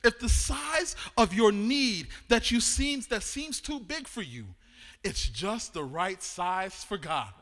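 High-voiced preacher in a ringing hall. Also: male voice, very animated, slow. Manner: swings from hushed storytelling to shouted, sing-song preaching. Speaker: pastor. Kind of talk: sermon. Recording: long reverb of a large hall.

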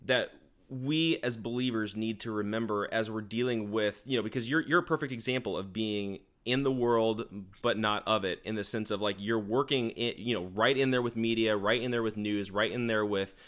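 A man's voice: lowish voice, steady tone, moderate pace, fairly bright tone. A man hosting an interview, thinking aloud in a rambling, reflective way with many fillers. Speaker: podcast host. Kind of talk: casual interview chat.

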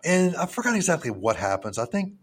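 A man's voice: a little high, big pitch swings, fairly quick, slightly rough. A young man co-hosting a podcast, chatting casually and crudely about a film, laughing often and acting out scenes in a put-on voice. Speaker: podcast co-host.

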